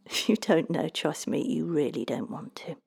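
A woman's voice: low voice, moderate pace, creaky, darkish tone, slightly rough, exaggerated voice. A woman voicing a prim, demanding little male leprechaun in a storybook reading, with clipped, formal orders. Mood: imperious.

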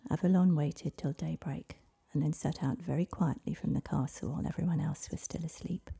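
A woman narrating a storybook in a soft, hushed voice that often drops to a whisper. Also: deep voice, steady tone, brisk, creaky, breathy edge. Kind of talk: storybook reading.

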